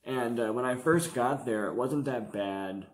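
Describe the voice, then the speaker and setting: A man's voice: mid-range voice, unhurried, a little hiss or hum. A man vlogging about his past addiction in casual, slangy, profane storytelling. He comes across as confessional. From San Diego area. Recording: roomy echo.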